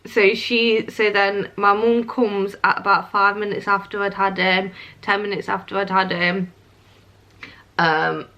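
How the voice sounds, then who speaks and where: A woman's voice: medium pitch, flat delivery, measured pace, bright, forceful tone. A young woman telling a personal story to camera in a casual, chatty way, with many "um"s and "like"s. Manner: chatty, lots of "um" and "like". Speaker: vlogger.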